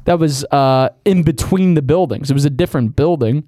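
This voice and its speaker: A man's voice: on the high side, fairly quick, no echo. A young man, telling stories animatedly in casual banter and often restarting mid-sentence. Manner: animated storyteller, stumbles and restarts. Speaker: podcast co-host.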